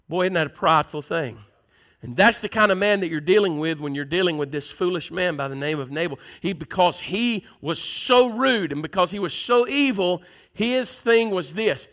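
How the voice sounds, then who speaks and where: A man's voice: sits high, normal speed, a bit bright. A man preaching a sermon in church, reading scripture aloud and asking the congregation questions.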